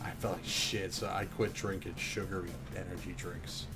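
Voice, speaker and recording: A man in casual chat, telling a rambling story with lots of swearing and acting out what he said back then, sometimes getting loud. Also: low-pitched, normal speed, hardly any pauses, music in the background. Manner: animated, swearing, acts out his own past talk loudly.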